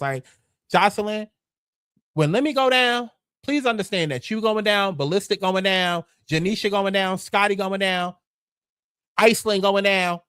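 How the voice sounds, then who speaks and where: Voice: mid-range voice, a bit bright, no echo, studio quality. A gossip show host giving blunt, profane, sassy commentary in a casual, mocking way.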